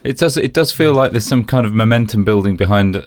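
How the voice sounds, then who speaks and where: A man's voice: lowish voice, lively intonation, fast, a little mellow, no room sound, clean studio sound. A man co-hosting a casual tech podcast, rambling and correcting himself as he talks. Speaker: podcast co-host.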